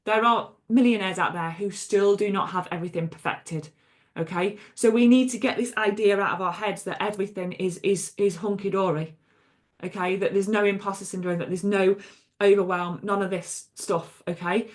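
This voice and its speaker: In an unscripted solo podcast monologue, a woman from England who works as a coach talks in a mid-range voice with a steady tone and moderate pace. She's chatty and emphatic, using plenty of fillers, "okay?" asides, and blunt swearing.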